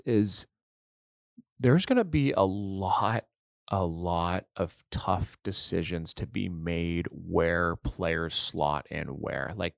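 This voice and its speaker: A man's voice: deep voice, vocal fry, no echo, studio quality. A man hosting a casual hockey podcast, an enthusiastic fan who rambles and restarts his sentences. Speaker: podcast host.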